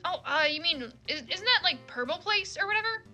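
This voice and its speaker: A woman's voice: very high voice, lively intonation, fairly quick, pushed and bright, faint music behind. A young woman streaming a game, rambling and swearing in casual commentary. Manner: swears a lot, rambling, laughing asides. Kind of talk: casual let's-play commentary.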